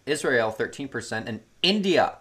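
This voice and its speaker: A man's voice: mid-range voice, expressive, moderate pace, pushed and bright, husky. A young man co-hosting a casual podcast chat, upbeat and jokey, at times reading facts aloud. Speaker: podcast co-host.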